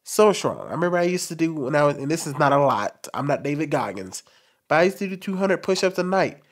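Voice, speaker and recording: Expressive man with a light, lively voice. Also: a little high, fast talker. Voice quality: light, soft voice he calls feminine. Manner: expressive, talks with his hands, candid and forward. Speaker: commentary channel host. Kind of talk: personal monologue to camera.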